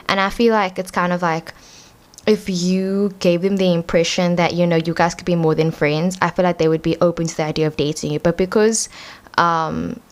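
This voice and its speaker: A woman's voice: lowish voice, steady tone, normal speed. A young woman giving a casual tarot reading at home, rambling and chatty with lots of filler words. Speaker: tarot reader. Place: home room.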